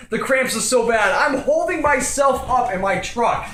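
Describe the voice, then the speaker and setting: Young man, comic storyteller, high lively voice, echoey room. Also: measured pace, few pauses, a little hiss or hum. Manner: animated, escalating, acts out quotes with shouts and laughter. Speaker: vlogger telling a story.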